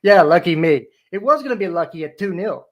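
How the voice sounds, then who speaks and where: Man, fairly high voice, deflated, hesitant, guest fan on a call. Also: expressive, a little fast. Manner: deflated, hesitant, with many fillers. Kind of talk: casual post-match chat.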